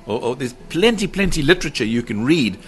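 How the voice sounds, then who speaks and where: A man's voice: mid-range voice, big pitch swings, fairly quick, a bit bright, faint music behind. A middle-aged man telling of a paranormal encounter with drama, acting out quotes and repeating his phrases. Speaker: guest describing a paranormal encounter. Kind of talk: animated storytelling.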